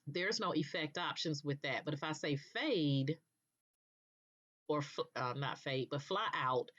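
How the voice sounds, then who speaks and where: A woman presenting a screen-recorded software tutorial, explaining patiently step by step and checking in with "okay", with an occasional cough. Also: low voice. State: coughing now and then. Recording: dull lo-fi recording.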